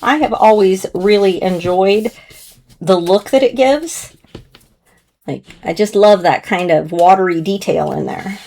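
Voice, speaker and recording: A slightly hoarse woman chatting gently through a casual crafting tutorial as she works with her hands, now and then clearing her throat. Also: mid-range voice, expressive, measured pace. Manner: chatty, gentle, talks while working with hands. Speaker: card-making demonstrator.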